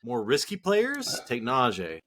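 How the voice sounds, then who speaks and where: A man's voice: mid-range voice, wildly swooping pitch, a little slow, a bit bright. A man co-hosting a fantasy football show, ranting casually with heated swearing. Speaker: fantasy football podcast co-host. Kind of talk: casual profane rant.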